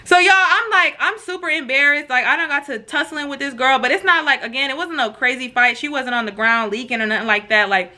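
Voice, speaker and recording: A woman vlogger telling a story casually and straight to her viewers, animated and full of slang, acting out the quotes. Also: high-pitched, fairly quick, hardly any pauses.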